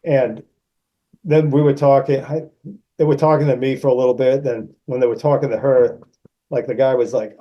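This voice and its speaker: A man in his sixties from Massachusetts, a guest actor telling animated anecdotes and acting out the people in them. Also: normal speed, muffled recording. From Massachusetts, USA. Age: 60s. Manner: animated anecdotes, raises pitch to act out quoted people. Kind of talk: casual storytelling.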